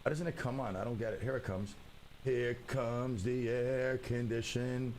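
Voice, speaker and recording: A man hosting a radio show, telling rambling comic stories in a loud, animated way. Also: mid-range voice, unhurried, background noise. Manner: loud, rambling storyteller who acts out the people in his stories. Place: radio studio.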